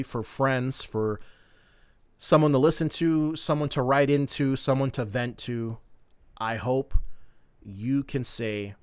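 A man in his thirties from Minnesota speaks slowly and earnestly as a podcast host, pausing with plenty of fillers. His voice is smooth and clear. The sound is dry and close, with no room around it. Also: medium pitch, no echo. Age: 30s. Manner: earnest, heartfelt, with many fillers. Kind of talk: personal storytelling monologue.

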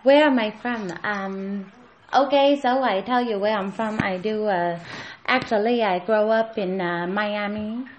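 A woman's voice: a little high, normal speed, roomy sound, slight background noise, close to an everyday voice. A woman voicing a chatty female nail-and-hair assistant who talks in broken English, eager and apologetic, in an improvised comedy sketch.

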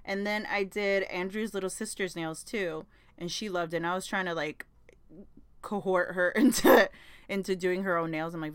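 A woman's voice: fairly low pitch, normal speed, clean tone, no echo. A young woman hosting a podcast, chatting in a rambling, casual way, swearing freely and laughing often. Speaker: podcast host. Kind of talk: casual chat.

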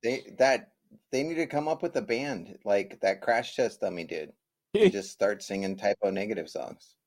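A woman's voice: very deep voice, very animated, darkish tone. A woman co-hosting a casual podcast, playful and teasing. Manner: playful, quick to tease and put on silly voices. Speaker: podcast co-host. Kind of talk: casual chat.

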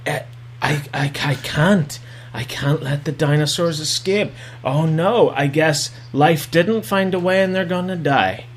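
A man's voice: a little high, takes it slowly, a bit bright, slight background noise. A man voicing a flustered female park manager who hesitates and stammers. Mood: dithering.

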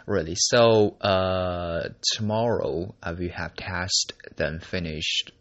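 A young adult university student who isn't a native English speaker talks casually in a vlog, halting with many fillers and restarts. His voice is deep yet a bit bright, and the recording is muffled.

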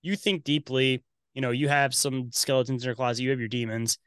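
A man's voice: medium pitch, fairly even intonation, fairly quick, fairly bright tone, clear, resonant tone, no echo, clean studio sound. A man talking as a podcast guest in casual chat, loose and rambling, swearing a lot and calling his host "dude".

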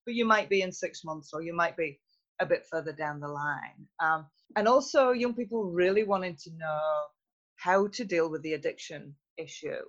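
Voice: medium pitch, animated, fairly bright tone. Thoughtful interview guest, dull lo-fi audio. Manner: thoughtful, measured, with frequent fillers. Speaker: interview guest, youth health researcher. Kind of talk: conversational interview.

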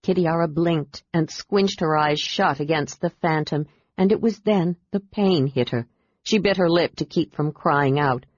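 A woman with a low voice narrating a fantasy audiobook. She keeps a steady, measured pace. The recording is muffled and dry. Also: no echo.

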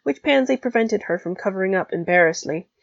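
A woman narrating a fan fiction audiobook in a steady storytelling manner, in a dry, slightly dull recording. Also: medium pitch, quick pace, gravelly, no echo. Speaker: audiobook reader.

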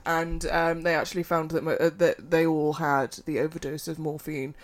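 Chatty woman, low voice. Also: little pitch movement, normal speed. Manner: chatty, lots of fillers and restarts. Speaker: podcast host reading case notes. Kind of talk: casual true-crime podcast chat.

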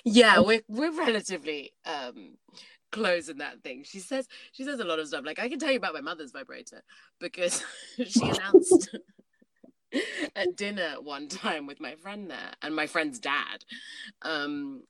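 A woman's voice: low-pitched, sing-song, measured pace, dry recording. A woman in her thirties chatting casually and candidly, rambling and laughing often. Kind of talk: casual chat.

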